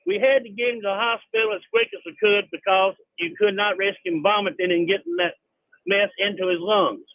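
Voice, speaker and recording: A man's voice: high voice, lively intonation, brisk, no room sound. Older man calling in over phone. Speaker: caller. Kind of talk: phone-in storytelling. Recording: tinny phone line.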